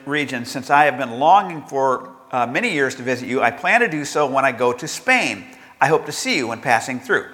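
A man's voice: on the high side, pushed and bright, in a large hall. An older man preaching a sermon in a conversational way, asking rhetorical questions and acting out quotes. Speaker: pastor.

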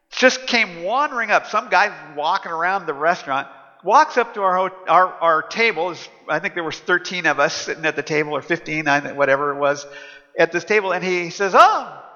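A man's voice: sits high, lively intonation, normal speed, pushed and bright. A man, a pastor, giving a casual storytelling sermon full of fillers. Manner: conversational storytelling with frequent fillers. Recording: muffled sound in a large echoing hall.

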